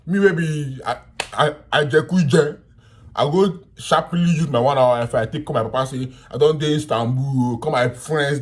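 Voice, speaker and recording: Young Nigerian man, mid-pitched voice, vlogger telling an animated, laughing story. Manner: animated, laughing, swings from loud to quiet. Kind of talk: casual storytelling in pidgin.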